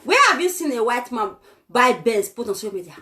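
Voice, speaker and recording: A woman's voice: fairly high pitch, very animated, brisk, bright, forceful tone. A young Nigerian woman ranting on a vlog, insulting and scolding her viewers in a fiery tone. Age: young adult. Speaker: vlogger.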